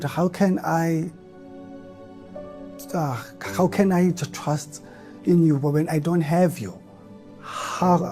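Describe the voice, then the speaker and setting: A man gives a personal church testimony, earnest and emotional, sometimes rising into fervent outbursts. He has a heavy stutter that repeats the first syllables of words, and his voice is a little high with a dark tone.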